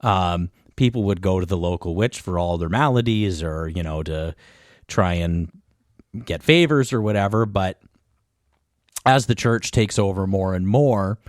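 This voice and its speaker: A man's voice: sits low, a little slow, dry recording, studio quality. A man co-hosting a podcast, explaining history in a rambling casual chat full of asides. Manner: rambling, with many fillers and asides. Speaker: podcast co-host.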